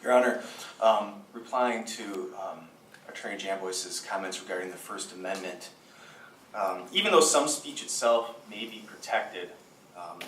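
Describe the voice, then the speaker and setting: Prosecutor, male, lowish voice, measured rebuttal, distant courtroom audio with faint hum. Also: fairly bright tone, echoey room.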